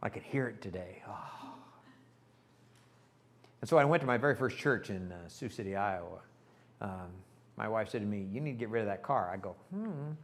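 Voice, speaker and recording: An older man, a pastor, telling a folksy, animated story in a sermon and acting out the voices of the people in it. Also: on the low side, normal speed, long pauses. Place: church sanctuary.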